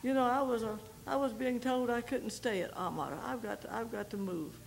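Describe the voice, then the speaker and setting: Gravelly older woman telling a testimony. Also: on the high side, a little hiss or hum, poor audio. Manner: folksy storytelling with pauses and repeated starts. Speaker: missionary speaker. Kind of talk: personal testimony talk to a women's group.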